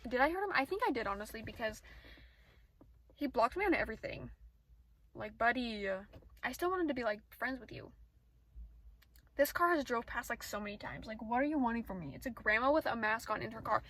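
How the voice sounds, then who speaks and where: A teenage girl vlogging outdoors on her phone, rambling fast and getting easily distracted in casual chat. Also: fairly high pitch, lively intonation, fairly bright tone, rough recording. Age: teens. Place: outdoors, sitting in a parked car area.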